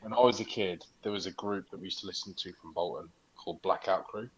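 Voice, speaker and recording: A man's voice: deep voice, quick pace, slightly rough, muffled recording. A man from the north of England co-hosting a podcast, chatting casually, swearing freely and mimicking accents when he tells stories. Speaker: podcast co-host. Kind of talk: casual chat.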